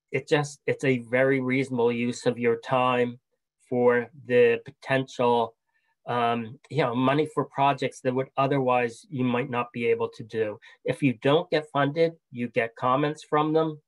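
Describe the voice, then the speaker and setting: Measured, friendly male webinar presenter. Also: medium pitch, rough recording. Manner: measured and friendly, with fillers and restarts.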